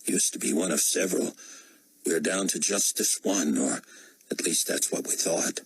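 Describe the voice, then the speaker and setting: A man voicing a calm, guarded American operative, speaking in measured tones. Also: sits low, background noise, close to an everyday voice.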